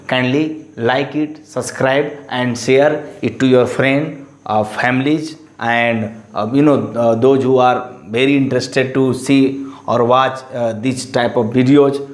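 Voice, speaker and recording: A man teaching an English lesson, talking in a halting, repetitive way with many fillers. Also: medium pitch, darkish tone, roomy sound. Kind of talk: classroom lesson explanation.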